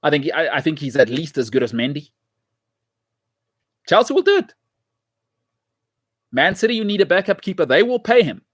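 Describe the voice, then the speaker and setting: A man's voice: fairly high pitch, animated, fast talker, few pauses, a bit bright, dry recording, clean studio sound. A man hosting a show, delivering an opinionated, emphatic football commentary monologue with lots of repetition. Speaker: show host.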